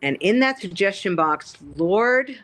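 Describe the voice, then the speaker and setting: A woman's voice: medium pitch, animated, a little slow, fairly bright tone. A woman guest on a podcast, a nursing leader who talks in a frank, emphatic, folksy way. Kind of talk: candid podcast conversation.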